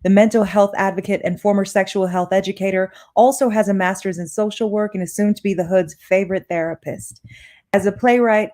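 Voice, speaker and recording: A woman's voice: medium pitch, mellow. A woman hosting a poetry reading, chatting casually with a laugh before reading a guest's introduction. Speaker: event host.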